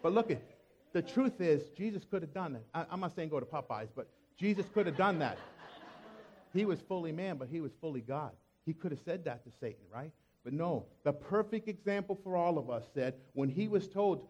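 A man with a high voice preaches a sermon, chatty and playful, punching his points with emphatic little asides. The recording is dull and lo-fi. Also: animated, brisk, a little mellow, slightly rough. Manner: conversational and joking, with emphatic asides. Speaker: pastor.

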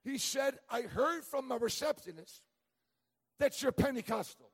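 Unhurried and husky, this man's very high voice has lively intonation as he preaches a sermon as a middle-aged traveling evangelist. He tells funny stories but keeps restarting and stammering, and the church sanctuary adds long reverb.

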